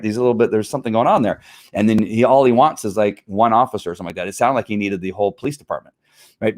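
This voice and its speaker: Middle-aged man, retired cop turned show host, emphatic, frustrated, casual commentary, fairly low voice. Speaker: retired police officer hosting his own show.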